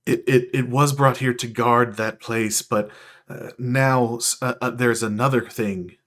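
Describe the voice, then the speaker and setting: A skittish winged celestial, as a game master puts him on, stammering and jittery as he talks. His voice sits at an everyday man's pitch and keeps breaking off and restarting. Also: steady tone, a little slow, a bit bright, lightly acted. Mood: nervous. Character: timid, nervous male celestial with wings.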